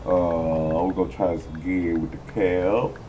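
A man's voice: low-pitched, steady tone, a little slow, dark tone, lo-fi sound, slight background noise. A man giving rambling, profane gameplay commentary as he talks to his viewers. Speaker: gaming streamer.

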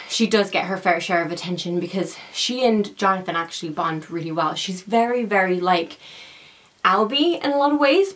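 A woman's voice: on the low side, fairly bright tone. A young adult woman vlogging, chatting casually to camera in an affectionate way and laughing often.

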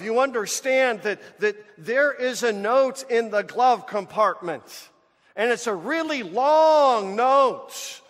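A man preaching a sermon as pastor, animated and speaking to the congregation as folks. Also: very high-pitched, takes it slowly. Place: church sanctuary. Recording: church hall with long reverb.

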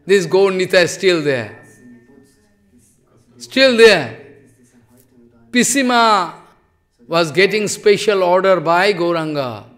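High-voiced, slow man preaching. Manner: broken English, animated storytelling, teasing. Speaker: spiritual teacher. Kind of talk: sermon.

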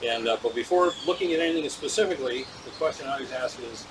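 A man's voice: mid-range voice, rapid-fire, noisy background. A man hosting an interview, introducing his guest in a loose, chatty way with many fillers. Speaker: interviewer and show host. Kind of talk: casual interview.

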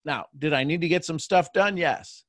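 A man hosting a live show, talking calmly and casually. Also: on the high side, moderate pace, no room sound, studio quality. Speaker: host.

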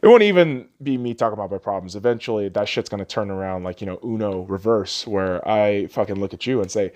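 A man's voice: fairly low pitch, animated, fast talker, hardly any pauses, darkish tone. A young man hosting a solo podcast, ranting profanely and arguing back at himself. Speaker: podcast host.

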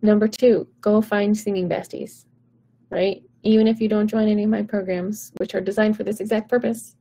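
Her husky, mellow voice sits in the mid-range, with a flat delivery at a moderate pace and vocal fry trailing off her phrases. She's a vocal coach talking to viewers on a live stream, chatty and encouraging, using "like" and "right?" throughout.

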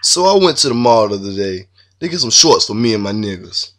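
A man's voice: mid-range voice, very animated, brisk, bright, forceful tone. A man telling a crude comic story in a brash, swaggering freestyle. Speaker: comedian.

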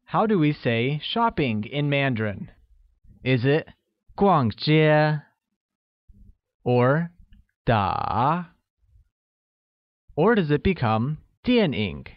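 Male lesson narrator, slow careful delivery, lively pitch, dry muffled recording. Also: no echo. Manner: slow, careful delivery with drawn-out example words. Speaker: language teacher. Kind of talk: scripted language lesson narration.

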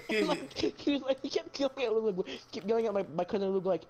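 A man's voice: high voice, fast, a little hiss or hum, low-quality recording. A man telling a funny story in casual chat, laughing through it and swearing a lot. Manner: laughing, profane, animated storyteller. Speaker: gaming channel co-host.

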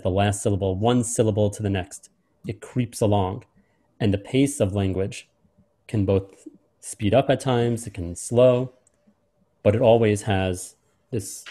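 A man hosting and lecturing, doing a close reading of a speech and drawing out key words in a measured way. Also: on the low side, mellow. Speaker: host and lecturer.

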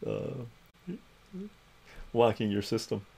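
A man's voice: fairly low pitch, takes it slowly, vocal fry, breathy edge. A Canadian man hosting a livestream, telling a story in casual chat on a lapel mic, laughing often and tagging lines with "right?". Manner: animated anecdote-telling, laughs often, tag questions. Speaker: livestream host.

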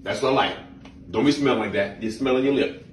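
A man's voice: fast, roomy sound, distant mic, background noise, close to an everyday voice. A man playing a cheating boyfriend who makes defensive excuses from his hotel room. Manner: defensive, deep, lively excuses. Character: caught boyfriend hiding at a hotel.

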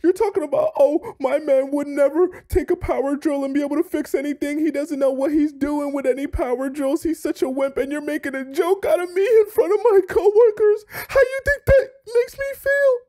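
A man's voice: fairly even intonation, moderate pace, few pauses. A man putting on a shrieking, furious boyfriend. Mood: aggrieved. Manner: shrill, shouting, near-crying outburst. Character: furious bottled-up boyfriend exploding in a rant.

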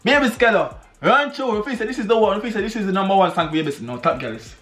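A Jamaican man reacting to music on his vlog, talking excitedly, shouting exclamations and repeating phrases fast. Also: high-pitched. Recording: echoey room with music playing.

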